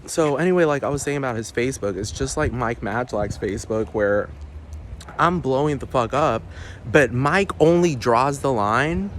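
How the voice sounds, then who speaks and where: A man's voice: mid-range voice, normal speed, a little hiss or hum. A man ranting to the camera in a profane, rambling vlog monologue, often asking the viewer if they understand. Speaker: vlogger.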